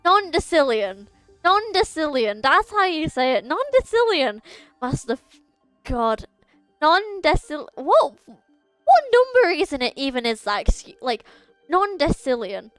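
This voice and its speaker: A woman's voice: high-pitched, very animated, measured pace, no echo. A young woman streaming a game, chatting casually, stumbling over long words and laughing at herself. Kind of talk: casual chat while reading game dialogue aloud. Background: faint game music.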